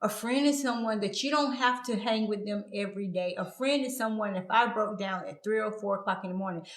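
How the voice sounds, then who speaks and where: A woman's voice: mid-range voice, fairly quick. A woman hosting her own talk show, speaking in a casual, earnest and heartfelt way while encouraging her viewers. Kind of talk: casual live-stream talk. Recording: echoey room.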